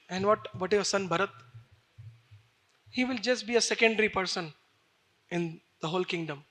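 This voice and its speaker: Bright-voiced storyteller preacher. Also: male voice, sits high, normal speed, pauses often. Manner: animated, chatty, says "you know" often. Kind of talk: devotional storytelling sermon.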